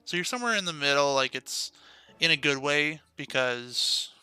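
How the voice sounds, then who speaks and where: Bright-voiced guy chatting on stream. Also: on the high side, lively intonation, moderate pace, clean tone, dry recording, soft background music. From United States. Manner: chatty, laughs often, talks to viewers. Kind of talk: casual live-stream chat while playing.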